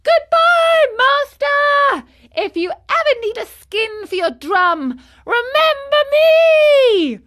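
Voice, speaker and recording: A woman's voice: on the high side, lively intonation, a little slow, fairly bright tone. Pinocchio, a cheeky wooden puppet boy, read by a woman. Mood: gleeful. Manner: playful, teasing storytelling. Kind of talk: audiobook character reading.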